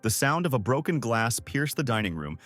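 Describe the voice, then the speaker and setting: A man narrating a scripted story recap in a steady storytelling manner, reading the quoted lines without doing voices. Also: mid-range voice, normal speed, faint music behind.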